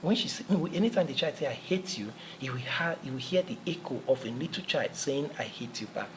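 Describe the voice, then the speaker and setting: A man's voice: medium pitch, expressive, brisk, slight background noise, low-quality recording. Earnest man giving a motivational talk. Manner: earnest, repetitive, preacherly with restarts. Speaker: motivational speaker.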